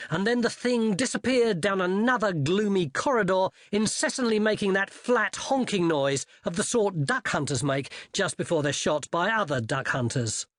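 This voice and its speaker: An animated narrator reads a comic fantasy novel, with the pitch swooping expressively through the sentences. The recording is close and dry, with no room sound. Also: no echo. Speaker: audiobook narrator.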